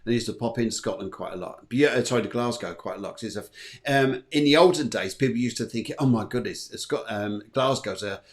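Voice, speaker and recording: A man's voice: medium pitch, fast. Upbeat chatty man hosting. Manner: upbeat, chatty, repeats words. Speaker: host. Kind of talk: casual live-stream chat.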